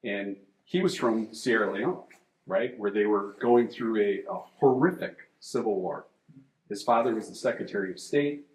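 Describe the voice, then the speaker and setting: A man moderating a panel, telling an anecdote in a relaxed storytelling way. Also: on the low side. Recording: echoey room.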